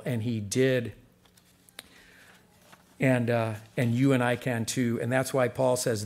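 A man's voice: medium pitch, little pitch movement, slow pace, pauses often, a little mellow. A male pastor preaching a sermon in an earnest, conversational way, speaking straight to his congregation and pushing harder on the points he stresses.

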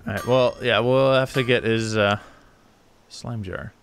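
A man's voice: mid-range voice, steady tone, unhurried, clear, resonant tone, faint music behind. Laid-back man narrating his gameplay. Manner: laid-back, muttering asides to himself. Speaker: let's play gamer. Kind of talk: casual gameplay commentary.

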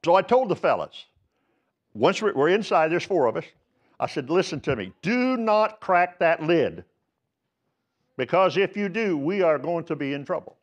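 A man's voice: fairly high pitch, very animated, normal speed, muffled recording. A man preaching a sermon as pastor, telling folksy stories and building to emphatic exhortations. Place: church sanctuary.

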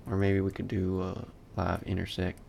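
A man's voice: low-pitched, completely flat delivery, normal speed, vocal fry, a little mellow, slight background noise. A man giving a casual live-stream 3D modeling lesson, muttering to himself with dry asides as he works. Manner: muttering, self-talk, dry asides while working. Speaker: 3D modeling instructor streaming a class.

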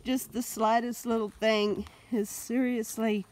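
A woman's voice: on the high side, flat delivery, a little slow, darkish tone. A middle-aged woman vlogging as she walks, talking in a heartfelt way and tearing up, a little sniffly. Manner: tearful, heartfelt. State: teary, sniffly. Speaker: vlogger on a walk. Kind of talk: casual vlog chat while walking.

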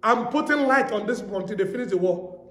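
Pastor, male, high-pitched storytelling sermon, echoey hall sound. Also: lively intonation, fairly quick, a bit bright. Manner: storytelling preacher, repeats phrases for emphasis.

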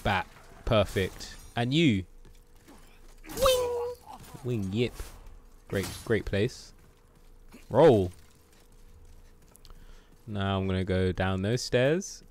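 A man with a fairly low voice talks through a live game session. He reacts to every hit with excited exclamations, sound effects and swearing, and his voice has a faint hiss of noise underneath it. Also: slow, pauses often. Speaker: streamer. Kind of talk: live gameplay commentary.

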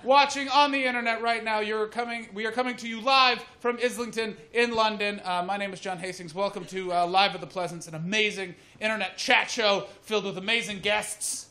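A Canadian man hosting a live comedy chat show, joking loudly, then dropping into muttered asides. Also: high voice. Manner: loud, jokey, swings between shouting hype and muttered asides. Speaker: host. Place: live comedy venue with audience.

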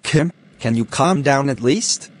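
Brief: man as an earnest boyfriend, mid-pitched, pleading and defensive. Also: animated, measured pace. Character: defensive, pleading young fiancé. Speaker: voice actor in animated drama.

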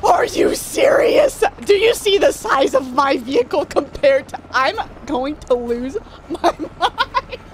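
A young woman streaming a shooter game, chatting casually, laughing and talking back to the game with sudden excited yelps. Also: sits high, measured pace, few pauses, noisy background. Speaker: streamer playing a shooter campaign. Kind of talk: casual let's-play commentary.

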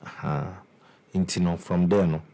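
A young musician with a Ghanaian accent tells his life story a little slowly, his low-pitched voice dark and steady in tone. The interview is casual, and he moves between English and Twi with frequent restarts and repeated words.

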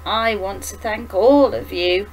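A woman reading aloud and voicing a gentle, grieving elderly mother who talks softly and slowly. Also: mid-range voice, a little hiss or hum, natural voice. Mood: warm. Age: older. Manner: soft, slow and tender.

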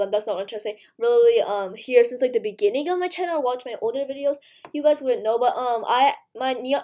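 Breathless, stammering high-voiced woman gamer. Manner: breathless, stammering and spluttering with excitement. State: overexcited and tired. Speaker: gaming video host. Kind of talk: excited gaming vlog chat.

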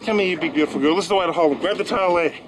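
An Australian man hosts a fishing show from a small boat on open water, chatty and excitable, his voice sitting a little high. Water and boat noise run clearly behind him on this outdoor recording. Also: rapid-fire. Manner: enthusiastic, chatty, exclaims and laughs.

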